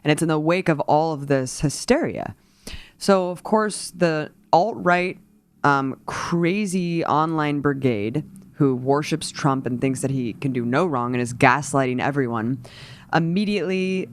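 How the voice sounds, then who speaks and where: A woman hosting a casual political discussion, talking in an animated, rambling way with many fillers. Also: sits low, unhurried.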